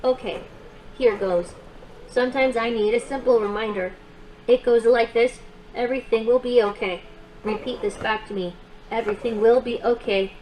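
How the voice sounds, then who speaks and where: A woman's voice: on the high side, steady tone, moderate pace, a little mellow, a little hiss or hum, close to an everyday voice, poor audio. A woman voicing a cheerful small companion robot that plays games and guides affirmations with children, in an upbeat, encouraging way. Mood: soothing.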